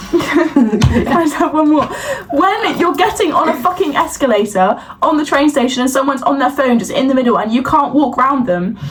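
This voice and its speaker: A woman's voice: high-pitched, lively intonation, moderate pace, distant mic. A woman co-hosting a podcast, ranting in a heated, sweary way and slipping into laughter. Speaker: podcast co-host. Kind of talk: comedic ranting chat. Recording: voice set back from the mic, faint background hiss.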